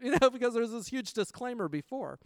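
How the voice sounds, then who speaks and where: A man's voice: very high-pitched, animated, brisk, no echo. A man with a casual, chatty manner, telling a personal story full of quoted back-and-forth dialogue and reflecting on faith.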